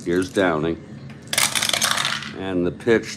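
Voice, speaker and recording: A man hosting a tabletop baseball replay, giving calm, measured play-by-play with chatty asides to viewers. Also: fairly low pitch, background noise. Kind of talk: play-by-play commentary of a board game replay.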